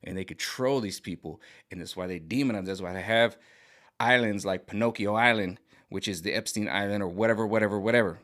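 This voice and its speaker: A man's voice: lowish voice, fairly quick, fairly bright tone. A middle-aged man talking in a rambling, agitated vlog monologue, repeating himself and restarting often. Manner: mimics other voices sarcastically. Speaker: vlogger.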